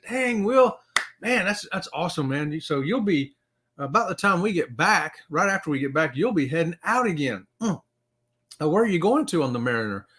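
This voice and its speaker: A man's voice: a little high, fairly bright tone. A middle-aged man hosting a casual live-stream chat, rambling with fillers and greeting viewers by name. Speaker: live-stream show host.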